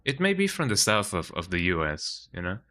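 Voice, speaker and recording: A young man chats casually and rambles while streaming a game, often tacking "eh?" onto his lines. His low voice swoops wildly in pitch, moves a little fast, and has a sharp tone.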